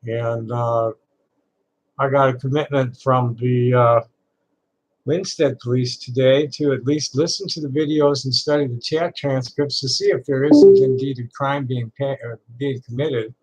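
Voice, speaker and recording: Guy in a voice chat, kinda halting, lots of uhs. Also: mid-range voice, steady tone, darkish tone, poor audio. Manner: halting, frequent uh fillers. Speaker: invited guest in voice chat. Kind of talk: casual voice chat.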